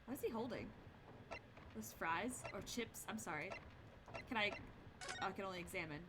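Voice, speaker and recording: A woman's voice: mid-range voice, expressive, normal speed, noisy background. Chatty young woman playing a game. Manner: chatty, giggly asides. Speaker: streamer. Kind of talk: casual let's play commentary. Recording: game music behind.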